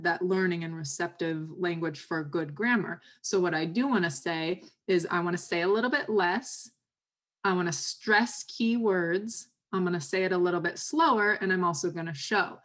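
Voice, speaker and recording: A woman with a slightly low voice, speaking as an expert guest on a podcast. She explains patiently and clearly, and slows down to act out sample phrases for parents. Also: a bit bright. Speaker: speech pathologist guest. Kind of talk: podcast interview advice.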